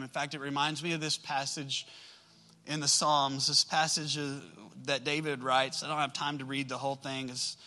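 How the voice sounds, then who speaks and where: Bright, animated male pastor preaching. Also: mid-range voice, normal speed. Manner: animated, swinging from loud emphatic outbursts to quiet soft asides; speaks directly to the congregation in a conversational way. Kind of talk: sermon. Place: church service with a live congregation.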